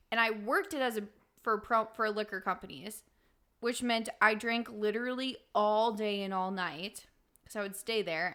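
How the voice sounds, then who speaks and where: A woman's voice: mid-range voice, pushed and bright. A young woman from Wisconsin, co-hosting a podcast and telling candid stories with frequent laughs. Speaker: podcast co-host. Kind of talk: casual chat.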